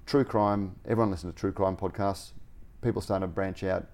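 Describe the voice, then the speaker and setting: A man's voice: low voice, steady tone, a little fast, a little mellow. A man co-hosting a podcast, chatting loosely and rambling between laughs. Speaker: podcast co-host. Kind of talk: casual podcast chat.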